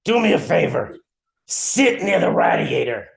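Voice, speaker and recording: A bitter old rabbi teacher with a raspy voice scolds a pupil in a stern, pitched-up bark, as a man puts him on. He sounds miserable and sharp-tongued. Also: big pitch swings, measured pace, reverberant, crowd noise, full character voice. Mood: scolding.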